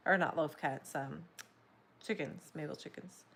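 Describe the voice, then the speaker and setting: Woman streamer, lower voice, rambling and drowsy, casual crafting chat. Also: a little slow, creaky, breathy edge. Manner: chatty, rambling, apologetic. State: yawning, sleepy. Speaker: crochet livestream host. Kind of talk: casual livestream chat while crocheting.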